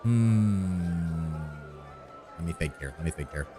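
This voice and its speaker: With a crowd in the background and faint game music, a low-voiced man speaks slowly but with lively intonation. He streams a role-playing game, joking, cursing, and musing aloud, and reads the game's story text too.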